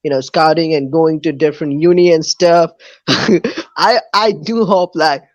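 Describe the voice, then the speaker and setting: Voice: mid-range voice, unhurried, dry recording. Hesitant young podcast host, lo-fi sound. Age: young adult. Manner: hesitant, with many fillers. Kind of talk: casual chat. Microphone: online podcast recording app.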